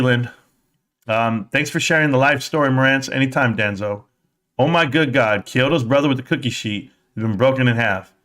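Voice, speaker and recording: A man's voice: medium pitch, fairly bright tone. A man hosting a live stream, reading viewer comments aloud and chatting casually in a rambling, joking way. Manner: reads chat aloud, rambling and jokey.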